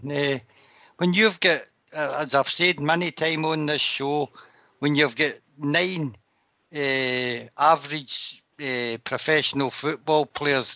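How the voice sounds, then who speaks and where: A man on a football phone-in, calm and measured as he gives his opinion. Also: a little high, no echo. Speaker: caller.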